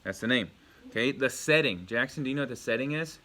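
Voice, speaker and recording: A man with a bright, forward voice leads a home video lesson for young children. He is patient and encouraging, quizzing the kids and praising each answer. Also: medium pitch, lively intonation, fast talker. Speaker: elementary school teacher.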